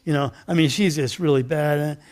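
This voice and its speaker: High-voiced pastor guy, chatty church sermon, jokes at himself, pulls folks up to act stuff out. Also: steady tone, normal speed, darkish tone. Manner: chatty, self-deprecating, acts out the story with volunteers. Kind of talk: casual interactive sermon. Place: church sanctuary.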